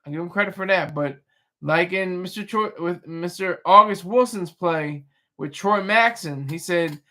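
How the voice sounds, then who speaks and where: A man's voice: high-pitched, normal speed, pushed and bright. A man hosting a casual livestream, rambling through his thoughts with restarts and chatting with viewers. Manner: rambling, restarts, chuckles at chat. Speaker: livestream host reading chat.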